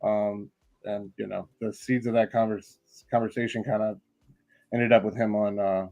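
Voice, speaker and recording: A man's voice: on the low side, level tone, moderate pace, gravelly, dark tone, no echo, highs cut off. A man co-hosts a casual live-stream podcast, recorded in a dry room with a close sound. He rambles, fills gaps with ums and uhs, and keeps apologizing as he tries to get his clips to play. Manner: apologetic and rambling, many fillers. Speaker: podcast co-host.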